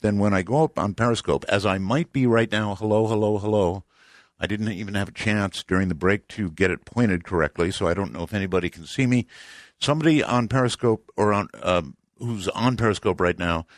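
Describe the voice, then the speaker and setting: Older male radio host, late-night call-in, low voice, dry wry delivery, close dead studio mic. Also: no echo. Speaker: radio talk show host. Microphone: studio microphone.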